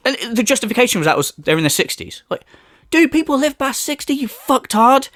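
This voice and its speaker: A man's voice: very high-pitched, big pitch swings, brisk, a bit bright, no room sound, clean studio sound. A man co-hosting a stream, mocking a clip with profane, sneering commentary. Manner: sneering, profane, mocks with exaggerated impressions. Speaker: stream co-host.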